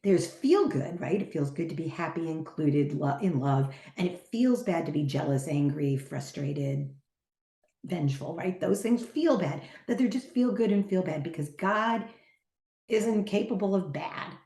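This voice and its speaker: A middle-aged woman teaching on a podcast, an animated storyteller who acts out the voices she quotes. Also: low-pitched, measured pace. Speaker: podcast guest, teacher and trainer. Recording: echoey room.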